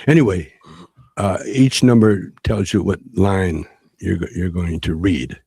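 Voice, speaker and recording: Low husky-voiced man rambling through a story. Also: warm tone, no room sound. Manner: halting, with many restarts and fillers. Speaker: interview guest.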